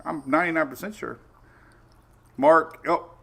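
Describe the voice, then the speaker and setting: A man's voice: on the high side, a little slow, creaky, a bit bright, husky. Chatty man hosting a weather stream. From Florida Gulf Coast. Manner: chatty, greets viewers by name, tells stories with quoted asides. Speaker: weather show host. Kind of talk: casual livestream chat.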